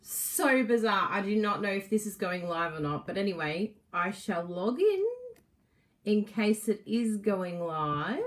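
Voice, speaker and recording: A woman's voice: medium pitch, animated, a little slow. Bubbly woman hosting a live stream. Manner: bubbly, greets viewers by name, laughs often. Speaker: Facebook Live host. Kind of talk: casual live-stream chat.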